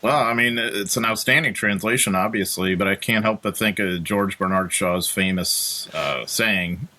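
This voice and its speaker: A man's voice: lowish voice, moderate pace, bright, forceful tone. A man co-hosting a casual history discussion over a video call, thoughtful and telling anecdotes. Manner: thoughtful, many fillers and restarts, tells anecdotes. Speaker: podcast co-host.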